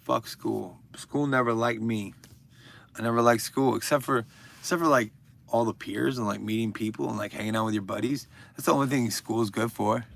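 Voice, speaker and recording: Hosting a livestream, a man in his thirties casually reads viewer comments aloud, addresses people by name, and answers with crude, rambling jokes. His voice is medium in pitch and fairly bright, with vocal fry, at a moderate pace.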